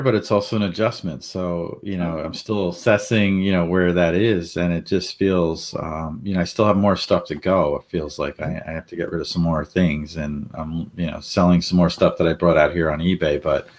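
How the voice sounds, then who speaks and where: A middle-aged man telling a story casually, animated and laughing often as he acts out the voices of the people in it. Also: sits low, moderate pace, few pauses. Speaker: panel guest.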